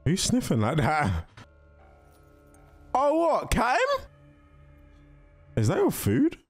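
A man hosting a casual movie reaction, chatty and excitable, talking straight to the characters on screen. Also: fairly high pitch, slow, faint music behind. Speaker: reaction video host.

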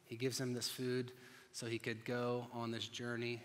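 A male pastor preaching a sermon, telling the story dramatically and swinging between loud and hushed delivery. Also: mid-range voice, flat delivery, normal speed, a little hiss or hum. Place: church sanctuary. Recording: long church reverb.

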